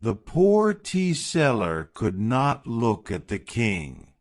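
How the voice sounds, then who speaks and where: A man narrating a graded reader story in a slow, clear, deliberate way. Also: medium pitch, huge pitch swings.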